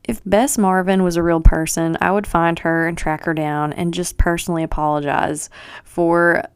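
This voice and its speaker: A woman hosting a podcast, talking through a book in a chatty, animated, sarcastic way. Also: fairly low pitch, normal speed, clean tone, no room sound, studio quality. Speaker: podcast host. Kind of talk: casual book-review chat.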